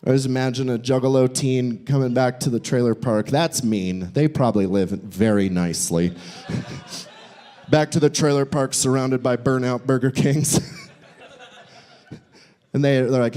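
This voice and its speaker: A young man performing a live stand-up set in a brewery, animated and jumping into squeaky voices for his bits. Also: moderate pace, pauses often. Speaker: stand-up comedian. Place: brewery comedy show.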